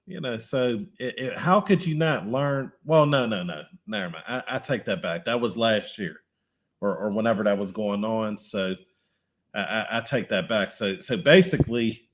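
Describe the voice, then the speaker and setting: A man's voice: lowish voice, normal speed. A man co-hosting a casual talk show, easygoing and chuckling, often restarting his phrases. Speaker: podcast co-host. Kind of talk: casual chat.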